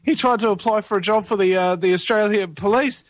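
A man's voice: high voice, brisk, no echo. A young man from New Zealand with a New Zealand accent, chatting casually in a blunt, sardonic way with casual swearing. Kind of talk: casual chat.

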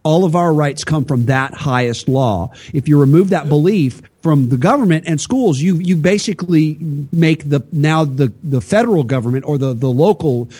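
A man's voice: a little high, lively intonation, normal speed, hardly any pauses, mellow, slightly rough. A man co-hosting a political talk show, lecturing in a preachy way with rhetorical questions. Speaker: podcast co-host.

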